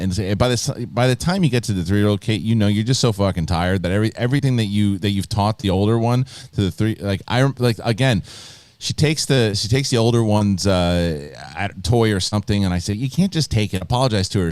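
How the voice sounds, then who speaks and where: A man's voice: on the low side, a little mellow, no echo. A man in his thirties hosting a live talk show, telling stories animatedly, laughing often and acting out his kids' voices. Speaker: host. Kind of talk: casual live show chat.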